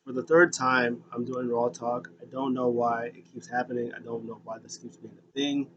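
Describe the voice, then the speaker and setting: A man talks through a wrestling show in a loose, rambling recap and keeps stopping on "uh" and "um". He slips into other people's lines as he quotes them. His voice sits at an ordinary middle pitch, with a faint hiss behind it. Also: level tone, normal speed, highs cut off. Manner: rambling, filler-heavy, acts out quotes. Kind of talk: casual recap vlog.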